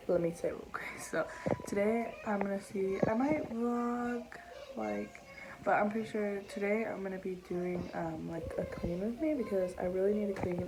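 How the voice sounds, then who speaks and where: A young woman with a slightly hoarse voice, chatting casually in a vlog from her apartment, rambling with lots of fillers. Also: medium pitch, noisy background. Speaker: vlogger. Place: apartment, indoors.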